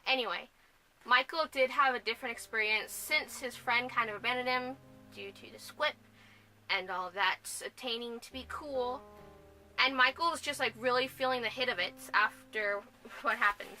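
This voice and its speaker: A woman's voice: fairly high pitch, moderate pace, bright, forceful tone, soft background music. A young woman talking casually in a vlog, rambling and restarting with lots of fillers. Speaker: vlogger.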